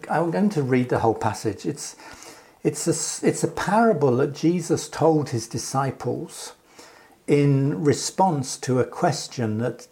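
A man preaching a sermon in a measured, unhurried way, pausing and restarting as he explains a scripture passage. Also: medium pitch, darkish tone.

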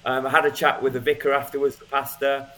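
Man telling his life story, relaxed. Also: mid-range voice, fast talker. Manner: conversational with frequent ums and restarts. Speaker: guest speaker. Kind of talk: personal testimony, casual storytelling.

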